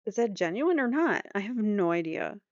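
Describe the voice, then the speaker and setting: A woman's voice: mid-range voice, very animated, normal speed, no room sound, muffled recording. Dry-toned woman podcast host. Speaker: true crime podcast host. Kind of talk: casual commentary.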